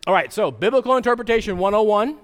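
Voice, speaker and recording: A man with a fairly high voice preaches to his congregation, talking in a relaxed, conversational way and often checking in with a quick rhetorical question. His voice carries a long reverb, as if it fills a large church sanctuary. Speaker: pastor. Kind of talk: sermon.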